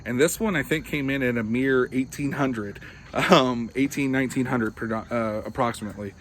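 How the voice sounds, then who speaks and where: A man who teaches and writes, making a casual, earnest video announcement and talking haltingly with many restarts. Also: mid-range voice, a little hiss or hum. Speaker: teacher and author.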